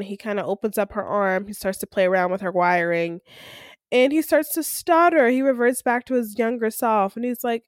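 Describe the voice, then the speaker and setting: A woman's voice: on the high side, lively intonation, brisk, no room sound, studio quality. A woman co-hosting a recap podcast, casually retelling episode scenes and acting out the characters' lines. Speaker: podcast co-host.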